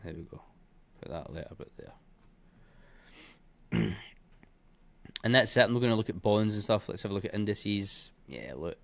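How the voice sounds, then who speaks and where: A man walking through trading charts in a blunt, heavily profane and scornful way, punctuating points with bursts like boom and bish bash bosh. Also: lively intonation, moderate pace, creaky, pauses often, fairly bright tone. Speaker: trading educator. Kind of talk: live chart walkthrough.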